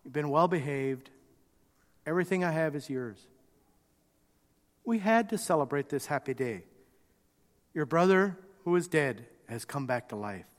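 A man voicing a patient, loving father who speaks to his son gently and reassuringly. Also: mid-range voice, brisk, natural voice. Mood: gentle. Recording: reverberant hall.

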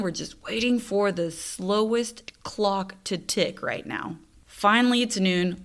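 A young woman hosts her podcast and tells a casual story about her week. Her telling is animated and amused, with wry exasperation at everyday mishaps. Her pitch sits in a middle range. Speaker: podcast host.

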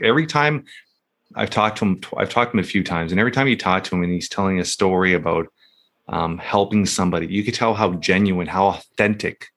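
A man hosting a casual interview, talking in an earnest, halting way with repeated words. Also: low-pitched, a bit bright. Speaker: interviewer, host.

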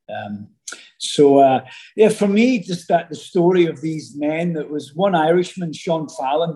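A middle-aged Scottish man, an actor guest telling stories in a casual interview, animated and rambling with many fillers and restarts. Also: medium pitch, poor audio. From Scotland.

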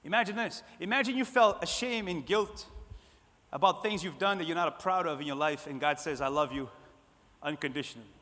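A man preaching a sermon, repeating phrases and swinging between loud emphatic lines and soft, hushed ones. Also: high-pitched, a little fast. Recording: long hall reverb.

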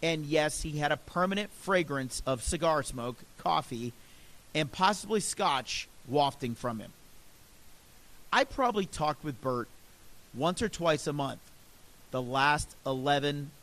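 A man's voice: a little high, unhurried, a bit bright, rough recording. A middle-aged man, a podcast host, telling a personal story in an earnest, reflective and enthusiastic way.

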